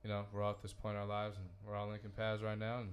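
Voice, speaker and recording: Fast-talking hyped podcast host man. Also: fairly low pitch, completely flat delivery. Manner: hyped, slangy, swearing. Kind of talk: casual podcast chat.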